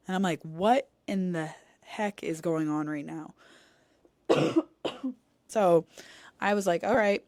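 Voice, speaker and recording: Young woman, podcast co-host, lower voice, dry close mic, animated casual storytelling. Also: clean tone, dry recording. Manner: animated, acts out quoted dialogue, cusses. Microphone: studio podcast mic.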